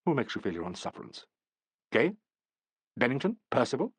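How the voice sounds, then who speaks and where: A man's voice: mid-range voice, wildly swooping pitch, brisk, husky, no echo, full character voice. A man reading the part of a commanding, autocratic theatre actor-manager in a brusque tone.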